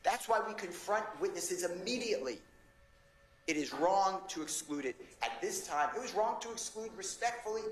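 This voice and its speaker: In an echoing courtroom with faint ambience and slight background noise, a defense attorney with a high voice presses his case before the judge. He pleads insistently and passionately.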